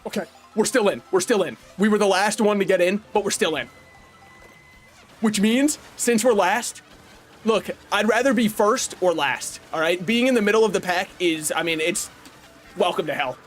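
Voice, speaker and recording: A man streaming a racing game live, commentating with excitable, profane banter toward the other players and chat. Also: high voice, normal speed. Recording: faint game music behind.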